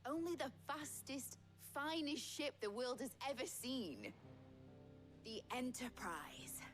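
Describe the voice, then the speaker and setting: A woman's voice: sits high, animated, takes it slowly. An actress with a Yorkshire accent voicing a young ship engineer in a video game, talking eagerly as she explains her invention. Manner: chatty, enthusiastic, explains things. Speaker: game character. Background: game music.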